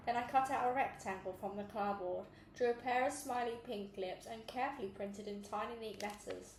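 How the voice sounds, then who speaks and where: Woman, bright higher voice, reading a storybook, echoey room with faint hiss. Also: brisk, hardly any pauses. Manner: lively, acts out dialogue with character voices. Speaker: audiobook reader.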